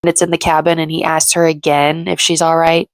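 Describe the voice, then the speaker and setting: A woman's voice: low voice, flat delivery, fairly quick, a little hiss or hum. A woman recapping a reality show in a chatty, opinionated way, acting out the quotes. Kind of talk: casual commentary recap.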